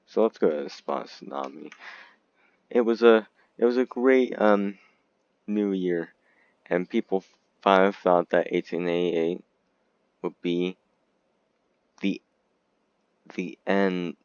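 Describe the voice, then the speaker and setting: A man giving rambling, giggly casual commentary over a game video, breaking into sudden squeaky outbursts, on a dull lo-fi recording. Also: slow, pauses often, a little mellow, smooth, no room sound. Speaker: gaming video creator.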